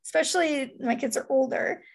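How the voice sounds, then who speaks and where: A woman in her thirties with a high voice, talking candidly and rambling, her sentences full of fillers. There is a gravelly fry in her voice. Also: a little fast. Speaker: parent. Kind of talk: casual chat.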